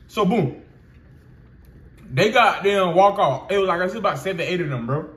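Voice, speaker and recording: Twenties man vlogger, casual slangy storytelling, slightly high voice, roomy echo. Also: animated, normal speed, long pauses. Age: 20s. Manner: loose, profane street slang with many fillers.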